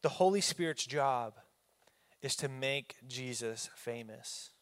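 A man's voice: medium pitch, takes it slowly, fairly bright tone. A man preaching a sermon as a pastor, folksy and emphatic, with fillers and restarts.

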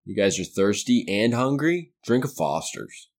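A man doing a hammy Aussie beer ad guy. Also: moderate pace. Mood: hammy salesy. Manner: drawled, over-the-top ad pitch. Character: cheesy Australian beer-commercial announcer man.

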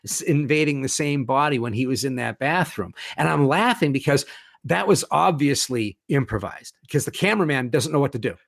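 A man chatting enthusiastically as a guest, animated, with casual swearing. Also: medium pitch, a little fast, gravelly, no echo, clean studio sound. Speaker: guest, horror author and podcast host. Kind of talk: casual conversation.

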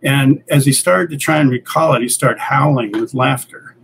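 Older man telling stories, relaxed. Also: mid-range voice, moderate pace, gravelly, slight background noise, poor audio. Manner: relaxed anecdotal, acts out quoted dialogue. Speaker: guest, comics creator and editor. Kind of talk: casual interview storytelling.

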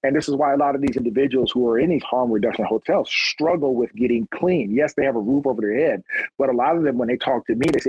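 Middle-aged cop from long beach telling stories, husky voice, dry muffled sound. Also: male voice, medium pitch, fast talker, no echo. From Long Beach, California. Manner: animated storyteller who acts out quotes. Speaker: police officer guest. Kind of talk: casual interview storytelling.

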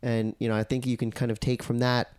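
A man chatting as a podcast guest, animated and acting out his own quoted thoughts. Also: mid-range voice, quick pace, smooth, no echo, clean studio sound. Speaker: podcast guest, surf commentator and editor. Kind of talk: casual podcast conversation.

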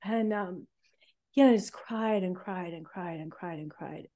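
A woman telling her own life story on a podcast, candid and halting, with many fillers. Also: lowish voice, warm tone.

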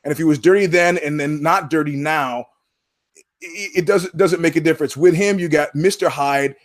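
A man's voice: a little high, normal speed. Emphatic, profane male podcast host. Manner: profane, emphatic, repeats words for punch. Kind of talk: casual podcast commentary.

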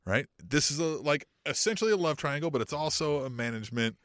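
A man co-hosting a podcast in casual chat, animated, swearing freely and acting out lines. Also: fairly high pitch, fast talker, dry recording, studio quality. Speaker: podcast co-host.

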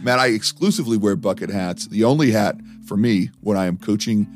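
A man co-hosting a comedy podcast, his voice hoarse and worn from coaching, joking in quick bursts. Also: fairly low pitch, music in the background. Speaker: podcast co-host. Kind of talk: casual comedic chat.

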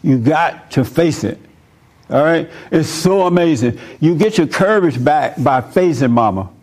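Man preaching casually in a fairly high voice. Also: animated, measured pace, a little mellow. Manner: conversational, personal stories, chuckles often. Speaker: preacher answering listener questions. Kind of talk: informal sermon.

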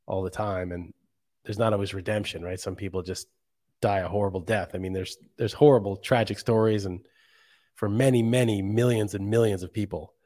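A man's voice: fairly low pitch, dark tone. A man hosting a casual solo podcast, congested from a cold, rambling reflectively with fillers and restarts. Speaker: podcast host.

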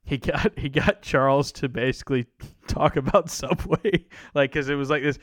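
A man's voice: medium pitch, moderate pace, dry recording. A man co-hosting a casual sports podcast, rambling with many fillers and restarts, often laughing. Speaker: podcast co-host.

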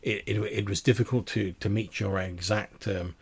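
A man's voice: lowish voice, fairly even intonation, moderate pace, creaky, husky. A man voicing a nervous, deferential older male tailor who stammers and apologizes, in a tabletop game. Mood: flustered.

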